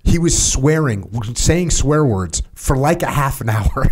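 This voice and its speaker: Animated, laughing middle-aged host. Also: male voice, medium pitch, measured pace, a little hiss or hum. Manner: animated, laughing, swearing freely. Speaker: podcast host, former Navy SEAL. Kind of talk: casual conversation.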